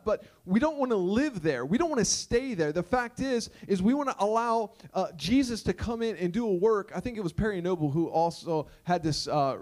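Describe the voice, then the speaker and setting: A man's voice: high-pitched, a little mellow. A male pastor delivering a conversational sermon, emphatic and full of repeated rhetorical questions.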